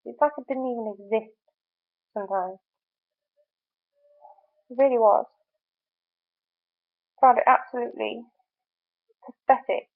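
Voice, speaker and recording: A woman's voice: fairly high pitch, gravelly. A young woman vlogger venting her frustration in a casual video diary, full of fillers. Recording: tinny phone-like audio.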